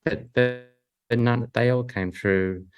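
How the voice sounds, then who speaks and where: A middle-aged Australian man talking casually as an interview guest, halting and full of restarts. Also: mid-range voice, steady tone, faint music behind. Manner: halting, many restarts and fillers. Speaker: guest, husband.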